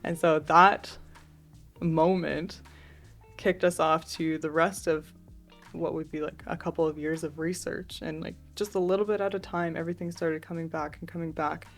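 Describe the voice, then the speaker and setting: A young woman speaks as a podcast guest in a low, gravelly voice with flat, even intonation. She tells her stories casually and keeps slipping in "like". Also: normal speed, soft background music. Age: young adult. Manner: chatty, relaxed storytelling with many "like"s. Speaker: artist and guest. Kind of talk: casual interview storytelling.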